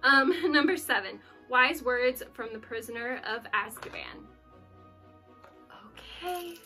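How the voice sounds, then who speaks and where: A woman's voice: high voice, lively intonation, slow, faint music behind. A woman hosting her own channel, chatting casually while unboxing gifts, gushing with exclamations and sounding touched, close to tears. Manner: gushing and effusive, many exclamations; soft-spoken and touched, near tears. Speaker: YouTube channel host.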